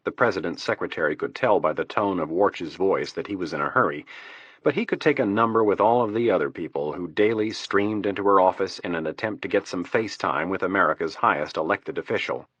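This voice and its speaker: A man narrating an audiobook in a steady, measured way. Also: low-pitched, husky, no room sound, muffled recording. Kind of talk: scripted narration. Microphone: close studio mic.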